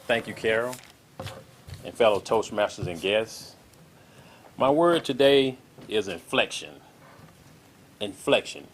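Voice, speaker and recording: A man with a Midwestern American accent giving a short prepared talk at a club meeting, deliberate and careful with definitions. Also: lowish voice, breathy edge. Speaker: grammarian.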